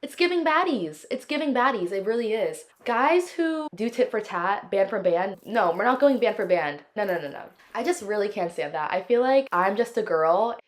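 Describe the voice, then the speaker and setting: A woman's voice: medium pitch, lively intonation, normal speed, hardly any pauses. A woman hosting her own solo podcast, chatting casually in a sassy, opinionated, dramatic way, sometimes stretching words in a sing-song. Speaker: podcast host.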